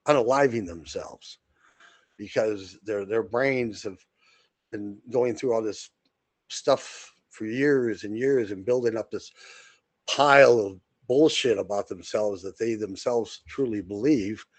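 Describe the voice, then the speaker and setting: A man's voice: on the low side, takes it slowly, dry recording. A man co-hosting a podcast, talking in a blunt, rambling way with frequent restarts and fillers. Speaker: podcast co-host. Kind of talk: casual monologue.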